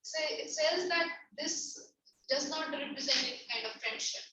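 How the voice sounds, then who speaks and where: A woman's voice: sits high, normal speed, sharp tone. A woman reading lines from a play in an online class and then briefly explaining them. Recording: echoey, distant online-call audio.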